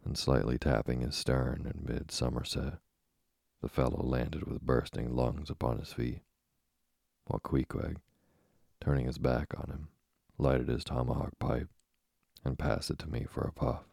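A man reading a classic sea novel aloud in a measured, dramatic storytelling manner. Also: a bass voice, fairly even intonation, gravelly, a little mellow, no room sound, studio quality. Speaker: narrator.

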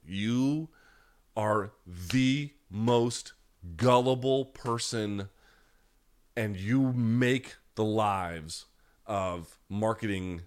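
Speaking slowly in a fairly low voice, this male host runs a live chat full of blunt, profane ranting. Every so often he imitates people in mocking fake voices.

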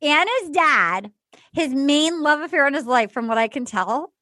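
A woman with a high voice tells stories on a podcast, acting out the people she quotes. Her voice is recorded close and dry, with no room sound. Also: moderate pace, no echo. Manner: animated storyteller, acts out quotes. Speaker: podcast co-host. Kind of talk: casual chat.

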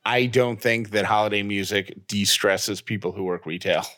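A man's voice: on the low side, moderate pace, a bit bright. A man in his thirties co-hosting a podcast, chatting casually with goofy jokes and teasing. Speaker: podcast co-host. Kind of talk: casual chat.

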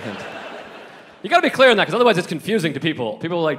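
A man's voice: a little high, sing-song, racing, long pauses, fairly bright tone, slight background noise. A man doing a stand-up set on a club stage, with a dry, self-deprecating delivery. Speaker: stand-up comedian. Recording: live club recording with crowd laughter. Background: audience laughter.

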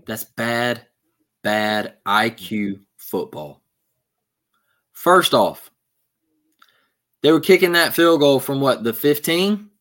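A man's voice: mid-range voice, expressive, slow pace, pauses often, a bit bright. A man co-hosting a sports recap podcast, walking through a play step by step in casual talk. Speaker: podcast co-host.

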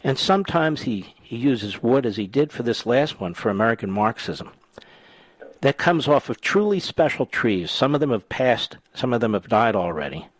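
Talk radio host, man in his 60s, lively teasing delivery, dry studio sound. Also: mid-range voice, normal speed, dry recording. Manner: animated, teasing, chatty. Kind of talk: talk radio chat and monologue. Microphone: studio mic.

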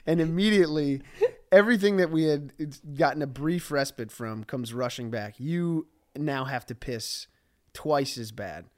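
A man's voice: a little high, moderate pace. A man co-hosting a podcast, chatting casually in a giggly, rambling way full of fillers. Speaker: podcast co-host. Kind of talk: casual storytelling chat.

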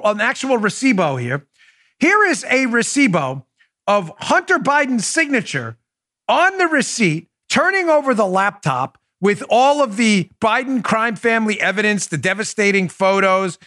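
Male podcast host, high-pitched and sharp-toned, sarcastic and emphatic, dry close sound. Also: dry recording. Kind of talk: opinionated podcast monologue.

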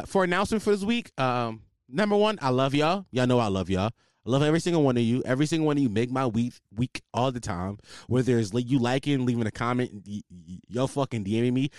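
A man's voice: on the high side, no room sound, clean studio sound. A young man hosting a podcast at his desk, rambling casually with lots of swearing and self-deprecating asides. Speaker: podcast host. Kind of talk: casual solo podcast chat. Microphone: desk microphone.

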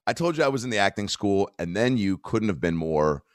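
A man's voice: on the low side, fairly quick, no echo, clean studio sound. A man from the Seattle area hosting a casual interview, telling stories animatedly. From Seattle area, United States. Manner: animated storyteller. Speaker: host.

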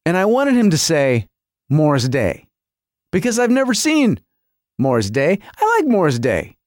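A man in his forties telling a story as a podcast host, excitable and acting out songs and quotes. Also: sits high, moderate pace, dry recording, clean studio sound. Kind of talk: animated storytelling.

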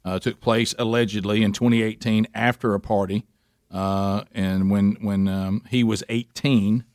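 A man co-hosting a talk radio show, reading news and chatting casually with a rambling, animated delivery. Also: lowish voice, unhurried, dry recording, studio quality. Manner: rambling, animated when joking.

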